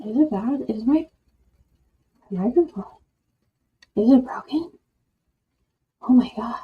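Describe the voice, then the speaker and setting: A woman chats slowly and unhurriedly through a casual livestream from her home. She rambles, jokes at her own expense and laughs easily. Her old microphone makes the sound dull and lo-fi. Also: a little high, animated, breathy edge. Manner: rambling, self-deprecating, chatty with laughs. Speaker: livestream host. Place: home room with candles. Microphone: old desk microphone.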